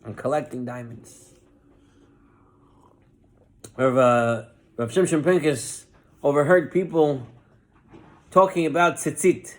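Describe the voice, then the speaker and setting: A man's voice: medium pitch, slow, pauses often. A man, a rabbi, giving a Torah class, telling a parable. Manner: animated parable-telling with lively voiced quotes.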